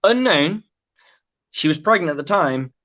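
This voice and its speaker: An English man with a slightly raised pitch tells an anecdote in a loose, chatty way. He drops the odd swear word and slips into quick impressions of people he met. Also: lively intonation, a bit bright, dull audio. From England. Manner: storytelling, swears casually, mimics voices. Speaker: guest. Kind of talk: casual chat.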